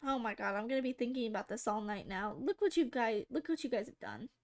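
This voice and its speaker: A woman's voice: a little high, very animated, fast talker, a little mellow. A woman streaming as she draws, chatting with viewers in a giggly, rambling way and trying out silly voices. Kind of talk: casual live-stream chat while drawing.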